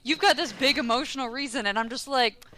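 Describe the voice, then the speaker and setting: A woman's voice: sits high, fairly quick, over a noisy crowd. A woman co-hosting a casual podcast chat, earnest and a little self-deprecating. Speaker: podcast co-host.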